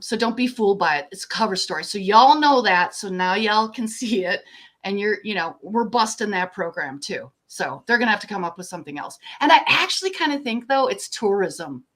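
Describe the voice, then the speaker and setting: A woman's voice: mid-range voice, big pitch swings, moderate pace, a bit bright. An older woman talking as an interview guest, earnest and rambling, a little emotional and given to laughing mid-sentence. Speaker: guest, contactee. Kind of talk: casual interview conversation.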